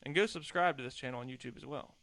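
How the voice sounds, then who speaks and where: Bright-voiced man rambling on a solo podcast. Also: medium pitch, fast. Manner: rambling, self-deprecating, chatty. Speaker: podcast host.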